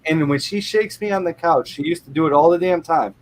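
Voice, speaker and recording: Slightly high-voiced rambling male host. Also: brisk. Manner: rambling storyteller, swears freely. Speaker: host of a live show. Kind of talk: casual chat.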